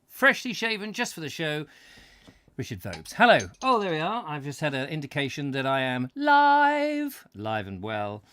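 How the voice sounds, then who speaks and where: A man's voice: a little high, wildly swooping pitch, measured pace, fairly bright tone, smooth. A man hosting a comic live-stream chat show, rambling and jokey, trailing off with fillers. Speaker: host.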